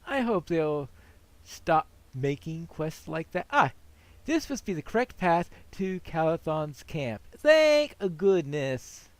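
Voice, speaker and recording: A man's voice: a little high, sing-song, takes it slowly, no echo. A man giving casual let's-play commentary while he plays, musing aloud in a rambling, self-deprecating way. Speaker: gameplay commentator.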